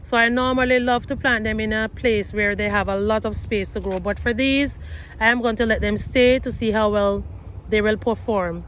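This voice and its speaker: A woman's voice: a little high, steady tone, moderate pace, fairly bright tone, slight background noise. Woman giving a garden tour outdoors. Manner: chatty, repeats herself, addresses viewers as family. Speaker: gardening vlogger. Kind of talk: casual garden tour vlog.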